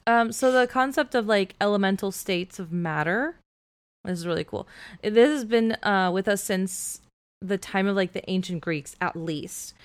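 A woman co-hosting a podcast, chatting casually and telling a story full of "like" fillers. Her voice is smooth and resonant at a mid pitch. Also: normal speed. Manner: animated storyteller, filler-heavy "like". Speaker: podcast co-host. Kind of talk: casual chat.

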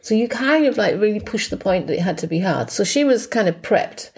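A woman's voice: medium pitch, animated, brisk, slightly rough. A woman co-hosting a podcast, chatting casually and teasing her brother as she tells the story. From England. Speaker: podcast co-host. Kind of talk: casual chat.

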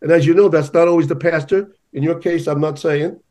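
Emphatic man with a higher voice. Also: steady tone, fairly quick, darkish tone. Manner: emphatic, storytelling. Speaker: journalist guest. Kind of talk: conversational interview.

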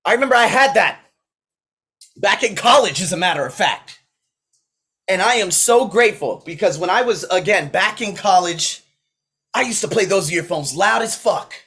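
A man hosting his coaching podcast in a motivational preaching mode, swinging between loud declarations and low asides, recorded on a laptop at home while he paces. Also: big pitch swings, moderate pace, breathy edge. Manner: swearing, talking to himself by name. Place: indoors at home, pacing with a laptop. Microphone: laptop mic.

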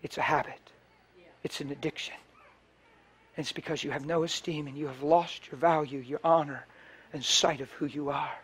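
A man, a pastor, preaching a sermon with passion, swinging from loud bursts to hushed storytelling. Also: fairly high pitch, fairly even intonation, normal speed, pauses often, husky.

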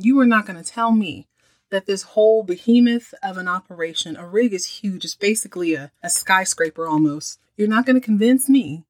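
A woman's voice: medium pitch, dry recording. A woman, hosting a podcast and recapping a TV episode in a chatty, opinionated way. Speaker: podcast host.

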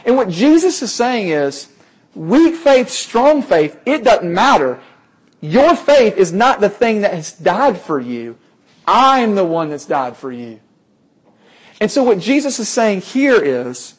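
A man's voice: high-pitched, big pitch swings, slow pace. A man preaching a sermon, earnest and emphatic, often repeating key phrases for weight.

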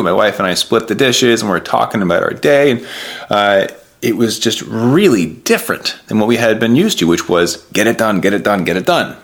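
A man's voice: fairly low pitch, gravelly, a bit bright. A young man, a diabetes coach, talking earnestly in a rambling personal vlog, often filling with "you know" and "right".

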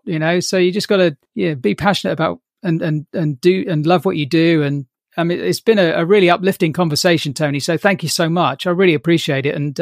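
A man's voice: sits high, vocal fry, no echo, studio quality. A man hosting a podcast interview, upbeat and effusive in his thanks. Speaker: podcast host.

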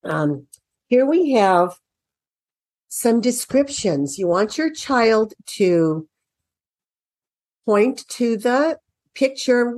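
A woman talks parents through a children's workbook in an unhurried, casual way, her pitch rising and falling freely. She reads passages aloud and answers her own questions as she goes. The sound is dry and close. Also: darkish tone, dry recording. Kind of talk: casual explanatory walkthrough.

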